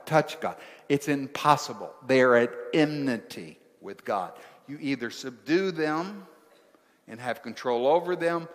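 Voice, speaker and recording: Slow-preaching pastor in a reverberant church. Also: male voice, medium pitch. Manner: preaching in short rhythmic phrases, asking the congregation questions. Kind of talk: sermon. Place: church sanctuary. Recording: large hall with long reverb.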